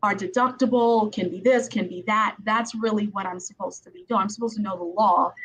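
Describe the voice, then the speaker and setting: A woman's voice: mid-range voice, steady tone, brisk, fairly bright tone, breathy edge. Chatty woman attorney hosting a podcast. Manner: chatty, conversational. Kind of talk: podcast interview. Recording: slightly dull sound with faint background noise.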